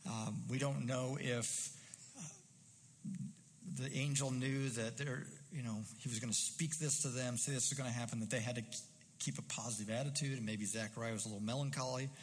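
A man's voice: medium pitch, fairly even intonation, a little fast, long reverb tail, rough recording. A man preaching a sermon in a conversational, musing way with frequent fillers.

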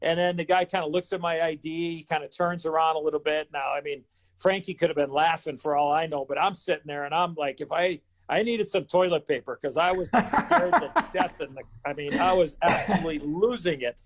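In an interview, a former hockey player in his fifties tells a story with a slightly high, fairly quick voice, animatedly acting out the dialogue.

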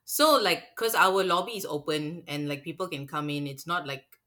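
A woman's voice: deep voice, moderate pace. A woman with a Singaporean English accent, a cinema manager, casually telling a story and acting out what customers said. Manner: animated, acts out customers' lines with swearing.

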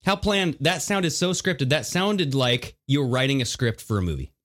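A man co-hosting a casual political podcast, talking in an animated, mocking way and laughing often. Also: mid-range voice, moderate pace. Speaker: podcast co-host.

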